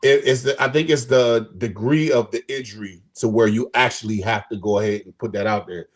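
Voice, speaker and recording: A young man co-hosting a casual sports talk stream, animated and profane, acting out quotes as he talks. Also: fairly quick. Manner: animated, profane, acts out quotes with big pitch jumps. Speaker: podcast co-host.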